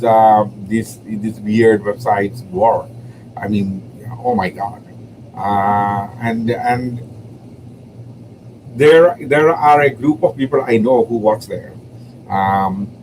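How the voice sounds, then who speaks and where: Guy with a foreign accent rambling on his livestream, lots of "you know", laughs a lot, middle pitch, faint hiss. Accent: non-native English accent. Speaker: livestream host and poet. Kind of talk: casual livestream storytelling.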